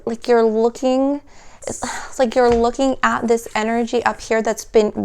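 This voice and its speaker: Woman, tarot reader, fairly high voice, smooth and clear, soft dreamy delivery, halting restarts. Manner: emotional, at times laughing through tears. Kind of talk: intuitive tarot reading.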